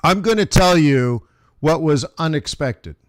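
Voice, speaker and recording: A forex trader in his forties hosts a live trading stream, walking viewers through the markets in a chatty, emphatic way. His slightly high voice has lively intonation and a slightly slow pace, recorded in studio quality with no echo.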